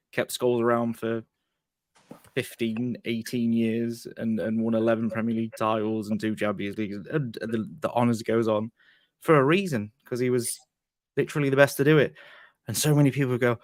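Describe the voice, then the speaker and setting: Blunt, sweary English football fan. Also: male voice, mid-range voice, fairly quick, dry recording, clean studio sound. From England. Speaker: podcast panelist. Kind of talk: casual football chat.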